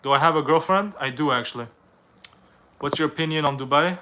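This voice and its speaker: A man's voice: a little high, a little fast, pushed and bright, slight background noise. A young man from Canada, reading viewers' questions aloud on a live stream and answering them in a casual, rambling way.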